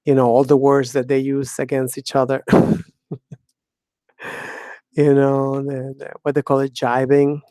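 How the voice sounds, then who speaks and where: A woman's voice: very deep voice, dark tone, dry recording. A woman hosting her own talk show, delivering a blunt, sardonic monologue, cursing freely and laughing often. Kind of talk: casual monologue.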